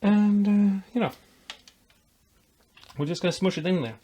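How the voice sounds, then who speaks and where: A man's voice: high voice, a little slow, dark tone. A man vlogging as he builds a guitar, explaining while he works, rambling and making self-deprecating jokes. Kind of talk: casual workshop tutorial chat.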